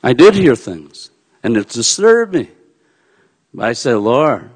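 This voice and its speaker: A man preaching a sermon, dropping to a hush and then rising to loud, emphatic peaks. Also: mid-range voice, very animated, slow, long pauses, breathy edge. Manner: swings from hushed to loud and emphatic. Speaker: pastor. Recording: long hall reverb.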